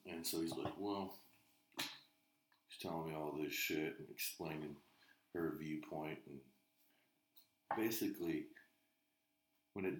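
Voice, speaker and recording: A man's voice: sits low, reverberant. A man on a podcast, telling rambling stories full of swearing in casual chat. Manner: profane, rambling storyteller. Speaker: podcast co-host.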